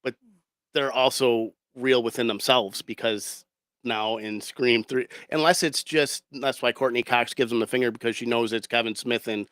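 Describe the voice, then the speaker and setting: A man's voice: mid-range voice, steady tone, normal speed, fairly bright tone, no room sound. A man co-hosting a podcast in casual chat, easygoing and teasing, filling his talk with "like". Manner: easygoing, teasing, says "like" a lot. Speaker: podcast co-host.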